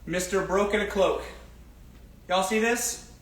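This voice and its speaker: A man's voice: high-pitched, unhurried, fairly bright tone. A man hosting a casual advice livestream, speaking emphatically and repeating his catchphrases. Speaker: show host. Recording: roomy echo.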